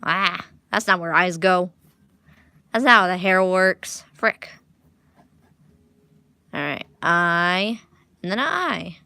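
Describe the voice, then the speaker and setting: A woman's voice: lowish voice, lively intonation, slow, gravelly, pauses often, pushed and bright, clear, resonant tone, no room sound. Chatty girl rambling while drawing. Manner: rambling, self-mocking, restarts often. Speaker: art vlogger. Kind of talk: casual chat while drawing. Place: living room at home.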